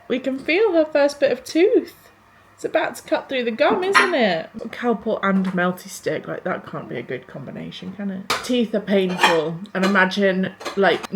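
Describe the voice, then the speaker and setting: A young woman, a first-time mum chatting casually through a home vlog in her kitchen and often turning to coo at her baby. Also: fairly low pitch. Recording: home recording with background noise.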